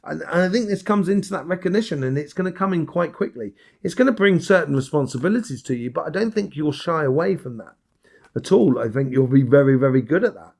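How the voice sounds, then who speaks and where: A man's voice: a little high, animated, fast talker, creaky, darkish tone. A man giving a casual weekly tarot reading, talking straight to the listener in a meandering, encouraging way, full of fillers and restarts. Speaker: tarot reader.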